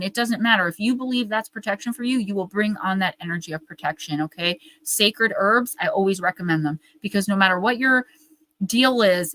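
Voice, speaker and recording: Forties female guest, bright and dry, chatty storyteller full of fillers. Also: medium pitch, no room sound, rough recording. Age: 40s. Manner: animated, fast storytelling with many fillers. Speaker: guest medium and author. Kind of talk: casual storytelling interview.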